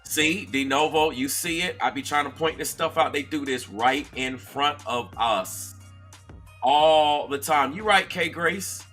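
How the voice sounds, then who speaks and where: A man's voice: a little high, unhurried, sharp tone, faint music behind. A man hosting a live-stream commentary, talking straight to viewers and reading chat, with an emphatic, repetitive, preachy delivery. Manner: conversational, addresses viewers directly. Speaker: commentary channel host.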